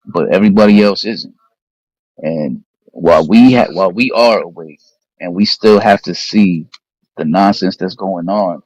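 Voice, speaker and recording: A man with a very low voice leads the talk with a preacher's cadence and calls the listeners family. He frames everything through scripture, and his voice sounds close and dry. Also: dry recording, dull audio. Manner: steady, addresses listeners as family, scripture-minded. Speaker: discussion moderator and Bible teacher. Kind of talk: preaching-style group talk.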